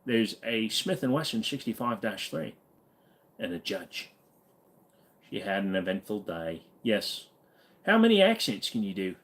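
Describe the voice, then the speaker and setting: A man's voice: fairly low pitch, very animated, a little slow, long pauses, fairly bright tone. A man hosting a casual livestream, reading chat and rambling with jokes and fillers. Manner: rambling and joking, many fillers. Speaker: livestream host.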